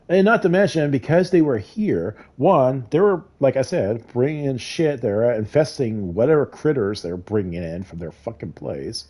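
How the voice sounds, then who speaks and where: A man's voice: mid-range voice, lively intonation, moderate pace, warm tone. A middle-aged man telling a heated, profane story in a casual rant while gaming. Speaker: gamer.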